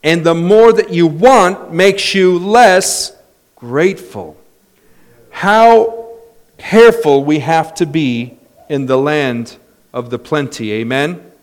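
A man preaching a sermon as a pastor, telling stories and building to loud exclamations. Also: a little high, takes it slowly. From United States.

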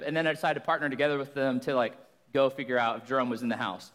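A young man preaching as a guest in a church, loud and joking as he tells a long funny story. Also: a little high, quick pace. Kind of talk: sermon. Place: church hall. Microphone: handheld or stage microphone. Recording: long reverb of a church hall.

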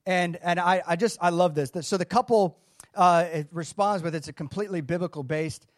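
A man's voice: sits high, fairly quick, no room sound, studio quality. A man preaching a sermon in a conversational way, reading scripture and adding casual asides. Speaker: pastor.

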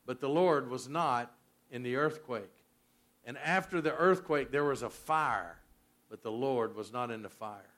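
A man preaching a sermon as pastor, folksy, swinging from loud emphasis to soft near-whispers. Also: mid-range voice, unhurried.

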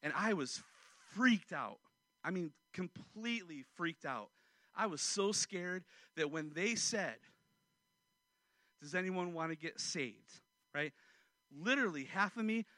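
Bright-voiced man preaching a story. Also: sits high, dry recording. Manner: storytelling, animated, swings from loud to hushed. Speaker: pastor. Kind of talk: sermon with personal story.

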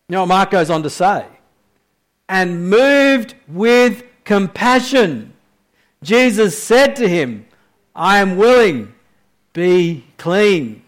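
A male preacher with a notably high-pitched voice delivers a sermon to his church. He shifts between hushed, slow reflection and rising, emphatic questions. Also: animated. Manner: swings from quiet, low reflection to loud, high-pitched questioning.

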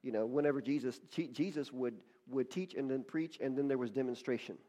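Male pastor, mid-range voice, retelling a story in a sermon, halting restarts, climbs into fervent praise. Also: mid-range voice, mellow. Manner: repeats and restarts words often, rising to fervent praise.

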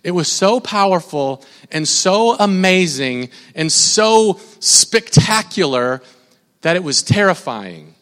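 Animated high-voiced young preacher in a hall. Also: male voice, slow. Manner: animated, rambling, self-interrupting. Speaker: pastor. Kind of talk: casual sermon.

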